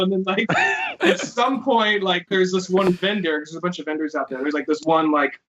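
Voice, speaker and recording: A man with a high, bright voice hosts a casual podcast chat. He rambles through stories and swears freely. The sound is a little dull and lo-fi. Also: moderate pace, slight background noise. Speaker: podcast host.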